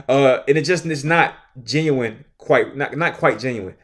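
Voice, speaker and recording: A male teacher hosting a podcast, giving advice in an emphatic monologue that repeats key points and keeps checking in with the listener. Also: mid-range voice. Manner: acts out his own classroom lines.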